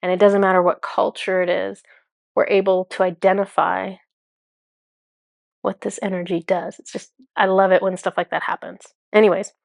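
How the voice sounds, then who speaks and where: Chatty woman with a gravelly voice. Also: medium pitch, little pitch movement, normal speed, a little mellow, dry recording, clean studio sound. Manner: chatty, filler-heavy, enthusiastic. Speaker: spiritual channeler. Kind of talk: casual monologue.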